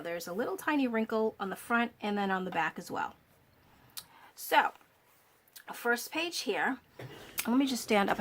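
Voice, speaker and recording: A chatty woman hosting a craft video, showing off a handmade journal. She talks in a friendly, easy way with plenty of fillers, and a cough drop in her mouth colors her speech. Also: mid-range voice. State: talking around a cough drop. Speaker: craft channel host. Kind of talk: casual craft walkthrough.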